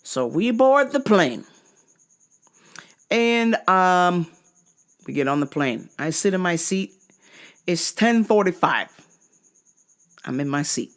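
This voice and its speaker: A woman with a lower voice retells a travel ordeal in a casual vlog. Her pitch swings widely as she gets worked up, and she swears freely. She drags out key words when she wants them to land. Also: takes it slowly, long pauses. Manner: profane, exasperated, animated retelling. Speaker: vlog host. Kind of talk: casual storytelling rant.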